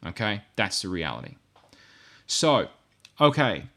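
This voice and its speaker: A man's voice: on the low side, big pitch swings, unhurried, sharp tone. A man co-hosting a podcast, talking casually in a rambling way and correcting himself as he goes. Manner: rambling and self-correcting, with asides. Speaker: podcast co-host.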